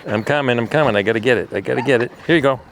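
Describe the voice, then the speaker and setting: A man's voice: medium pitch, racing, a bit bright. Man coaxing dogs outdoors, noisy. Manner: coaxing, affectionate baby talk to dogs. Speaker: animal rescuer. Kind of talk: casual talk to dogs and camera. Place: outdoors at an animal sanctuary.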